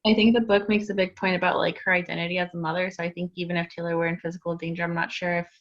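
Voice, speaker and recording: A woman's voice: lowish voice, level tone, very fast. A woman in a casual book club discussion, chatty and full of fillers, laughing as she talks. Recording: muffled lo-fi audio.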